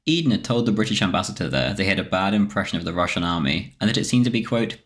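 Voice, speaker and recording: A man reading a scripted history documentary narration in a steady, measured way. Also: low voice.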